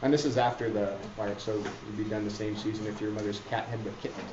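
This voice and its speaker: A man's voice: fairly low pitch, little pitch movement, fast, background noise. A man teaching a literature class, rambling with many fillers and restarts. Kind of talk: classroom lecture. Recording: roomy, dull classroom recording.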